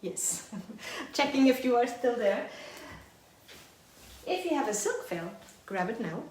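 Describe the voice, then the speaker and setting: In an echoey room with faint music playing, a woman with a fairly high voice runs a live online belly dance class. She takes it slowly but stays energetic, counting and singing the rhythms while dancing and wandering nearer and farther from the mic.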